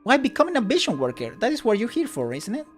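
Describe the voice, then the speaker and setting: A man's voice: very high-pitched, wildly swooping pitch, quick pace, faint music behind, voice pushed up, exaggerated voice. A man voicing a rehearsed, bureaucratic female receptionist who trills in a sing-song way while he reads game dialogue aloud. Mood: chirpy.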